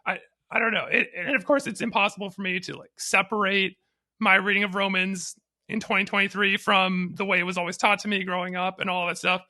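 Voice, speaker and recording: Podcast co-host, man with a high, very bright voice, hesitant and reflective. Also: little pitch movement, a little fast. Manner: thoughtful, hesitant, frequent restarts, laughs easily. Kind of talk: conversational theology podcast.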